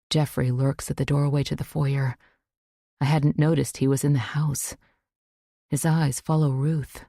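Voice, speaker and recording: Audiobook narrator: woman, first-person suspense, dark gravelly tone, unhurried delivery. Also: sits low, little pitch movement, no room sound, studio quality.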